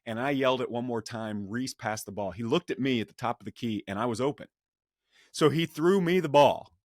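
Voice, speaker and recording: A man's voice: mid-range voice, a little fast, no room sound, studio quality. A middle-aged man hosting a podcast, telling a personal story and reflecting in a loose, conversational way with frequent restarts. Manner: conversational, with many restarts and a quoted yell. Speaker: podcast host.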